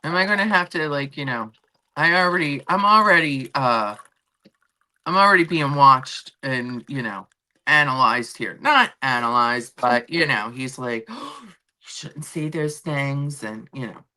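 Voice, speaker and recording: Hosting a casual stream from home, this woman chats and tells everyday stories, acting out the quotes. Her bass voice is bright and forceful, and she speaks at a measured pace. It's picked up through a laptop and phone setup.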